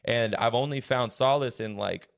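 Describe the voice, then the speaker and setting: A young man talking calmly and reflectively, offering encouragement in a casual podcast chat. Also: medium pitch, moderate pace, vocal fry, clean tone, no echo, studio quality. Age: young adult.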